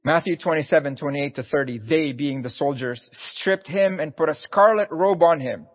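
A man's voice: fairly high pitch, moderate pace, big-room sound, highs cut off. A man preaching a sermon in an earnest, pleading way, often repeating his words.

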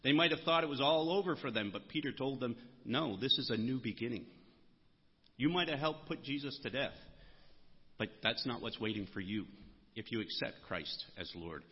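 A man preaches a sermon in a big, echoing church hall, and his voice comes across husky and a little muffled. His delivery is earnest, and he lifts his voice to stress the key words. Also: mid-range voice, expressive, moderate pace. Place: church sanctuary. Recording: muffled sound with long hall reverb.

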